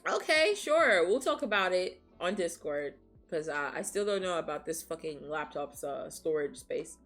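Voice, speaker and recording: A woman's voice: low-pitched, normal speed, faint music behind. A woman streamer from Nigeria in casual chat, frank and swearing freely, laughing often as she reads chat, sniffling after crying.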